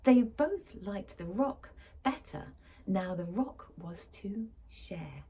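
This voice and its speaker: A woman teacher reading a picture book aloud to children, often whispering and pausing to ask the listeners questions. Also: medium pitch, animated, dark tone, breathy edge.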